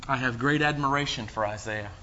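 A man pastor delivering a sermon, preaching emphatically with dramatic pauses and quoting scripture. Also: pushed and bright, slight background noise. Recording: muffled low-fidelity sound.

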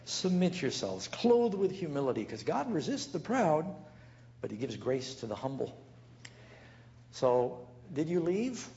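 A man's voice: on the high side, unhurried, dull audio. A man preaching a sermon as a pastor, telling stories and acting out the dialogue. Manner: storytelling with acted dialogue, animated.

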